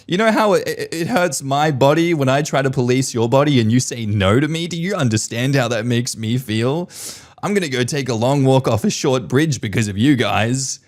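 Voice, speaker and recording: A man's voice: medium pitch, expressive, normal speed, natural voice. A man putting on a whiny, nagging older mother. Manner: whiny, mocking, melodramatic. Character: nagging guilt-tripping older mother-in-law.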